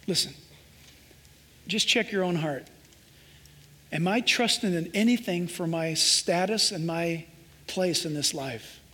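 A man's voice: high-pitched, slow, pauses often, bright, forceful tone. A man from Southern California preaching a sermon, emphatic and conversational, acting out little scenes as he goes. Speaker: pastor. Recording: preacher in a reverberant hall.

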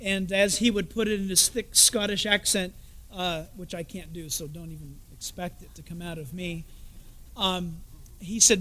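High bright-voiced male preacher. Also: fairly even intonation, moderate pace. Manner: storytelling preacher, drops to soft confiding asides. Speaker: pastor. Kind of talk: sermon.

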